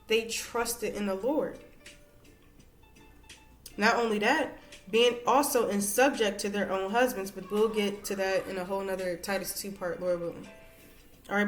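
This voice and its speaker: A woman's voice: mid-range voice, reverberant. A woman teaching women from scripture in a conversational way, reading verses aloud and checking in with "all right" and "okay". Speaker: women's Bible study teacher.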